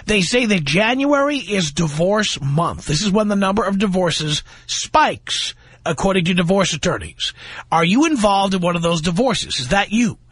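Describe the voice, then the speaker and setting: A man's voice: high voice, expressive, moderate pace, a bit bright, husky, dry recording. A male radio talk show host taking calls, blunt and sarcastic, firing off pointed questions.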